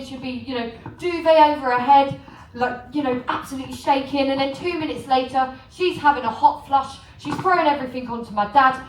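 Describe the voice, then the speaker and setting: On a cruise ship, in a large room, an English presenter gives a chatty, joking sales pitch about port shopping, frequently asking the live audience questions. She sounds high-pitched. It's a rough recording from a distant mic, echoey and with slight background noise.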